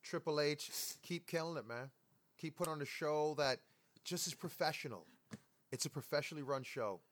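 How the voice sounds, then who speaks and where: A man co-hosting a casual wrestling podcast, excitable and animated. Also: a little high, normal speed. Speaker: podcast co-host.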